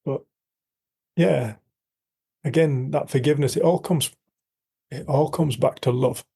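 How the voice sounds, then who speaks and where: Gravelly, husky man telling it straight. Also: mid-range voice, measured pace, mellow. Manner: earnest, frank, repeats words, occasional swearing. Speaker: coach and podcast guest. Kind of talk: candid storytelling conversation.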